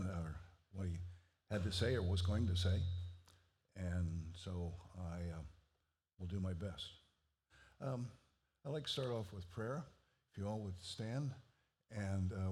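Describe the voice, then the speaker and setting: Husky low-voiced man preaching. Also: darkish tone. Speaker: fill-in preacher. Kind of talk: sermon.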